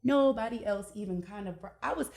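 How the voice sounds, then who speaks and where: A woman's voice: mid-range voice, a little fast, vocal fry, heavy background noise. A woman from Detroit, a life coach, telling her story with passion on a casual podcast interview.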